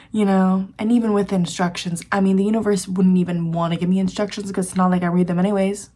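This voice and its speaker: A woman in her early twenties, a student vlogger, rambling in a chatty, confiding way and often dropping to a soft near-whisper. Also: mid-range voice, fairly even intonation, fast talker, hardly any pauses, a little hiss or hum. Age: early 20s. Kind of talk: casual rambling vlog chat.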